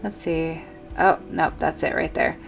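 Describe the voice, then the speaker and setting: A woman's voice: low voice, fairly even intonation, measured pace, creaky, soft background music. A woman giving casual commentary while building in a life-sim game, rambling and correcting herself as she thinks aloud. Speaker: gaming video creator.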